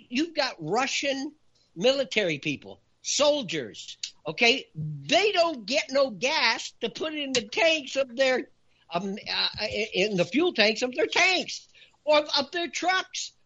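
A man's voice: extremely high pitch, very animated, slow pace, sharp tone, breathy edge, muffled recording. A man giving emphatic talk-show commentary as a guest, raising his voice to stress his points and counting them off in punchy lists. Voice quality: raises voice for emphasis.

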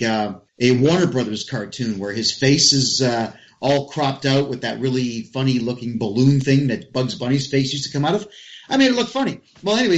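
Male talk host, mid-pitched, emphatic ranting delivery, dull lo-fi audio. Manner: emphatic, ranting, addresses listeners directly. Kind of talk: casual political talk.

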